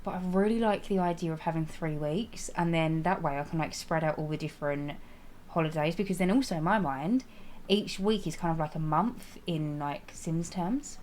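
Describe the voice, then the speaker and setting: A woman's voice: deep voice, moderate pace, darkish tone, a little hiss or hum. A young woman streaming a life-sim game, chatting casually with viewers, giggling, restarting sentences and apologizing as she goes.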